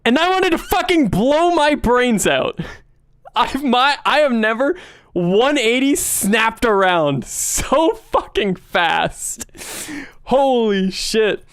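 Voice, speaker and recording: A man telling stories casually on a livestream, animated and profane, often laughing. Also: very high-pitched, takes it slowly, clear, resonant tone, dry recording, clean studio sound. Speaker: streamer.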